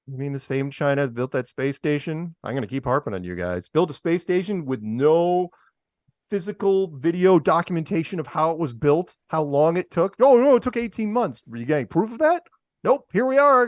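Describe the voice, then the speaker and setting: A man riffing sarcastically on headlines as a show co-host. His voice sits a little high and swings widely in pitch. The sound is dry and close, with no room around it. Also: animated, fairly quick, no room sound. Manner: sarcastic, mocking asides with laughs. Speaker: podcast co-host. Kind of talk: casual commentary on news clips.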